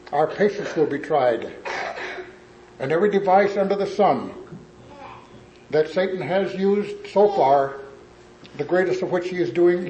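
A man preaching a sermon and reading scripture aloud, earnest and halting, often repeating and correcting himself. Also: fairly high pitch, mellow, reverberant, a little hiss or hum, poor audio.

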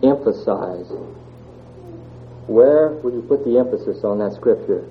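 A man's voice: medium pitch, a little slow, a little hiss or hum. A man giving a sermon, reading scripture and asking the congregation earnest questions. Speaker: church speaker. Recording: tinny phone-like sound.

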